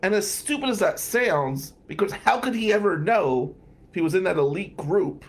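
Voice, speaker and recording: A man's voice: high voice, lively intonation, moderate pace. A man telling a long personal story in a casual, digressive way, with wry asides and some swearing.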